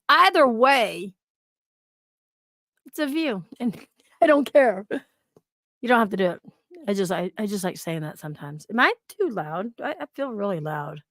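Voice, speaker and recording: A woman's voice: mid-range voice, fairly bright tone, no room sound, studio quality. A woman hosting a casual livestream, chatting, swearing freely and greeting viewers from the chat. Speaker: livestream host.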